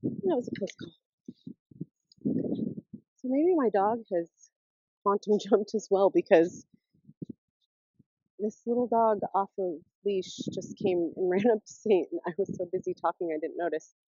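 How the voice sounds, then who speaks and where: A woman vlogging casually while out walking her dog, rambling and chatty with laughs, and cooing at the dog in a high baby-talk voice. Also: lively intonation, unhurried, pauses often, warm tone, breathy edge, no room sound, dull audio. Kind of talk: casual vlog chat.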